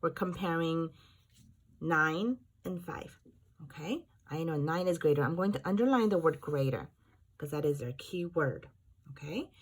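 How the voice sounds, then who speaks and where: A woman teacher giving a slow, patient math lesson to young children, counting aloud and chanting rhymes. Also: on the low side. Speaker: kindergarten teacher.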